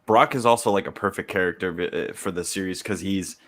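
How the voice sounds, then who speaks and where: A man co-hosting a casual chat, talking in an animated way and slipping into silly voices. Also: low-pitched, a little fast.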